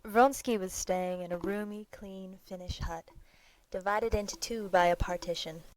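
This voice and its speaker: A woman narrating a classic novel in a steady, measured audiobook reading. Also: medium pitch, dry recording, low-quality recording.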